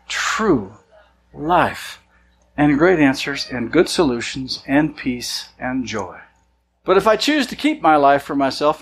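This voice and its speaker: A man's voice: mid-range voice, breathy edge, low-quality recording. A man, a senior church leader, preaching a sermon in a casual, conversational way, sometimes acting out the voices of people he quotes. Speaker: pastor.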